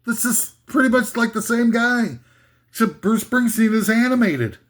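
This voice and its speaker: A man's voice: very high voice, animated, moderate pace, fairly bright tone. A man delivering a rambling, scornful comedic rant with sarcastic asides. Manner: scornful, rambling, sarcastic, with mock singing bits. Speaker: comedic ranter.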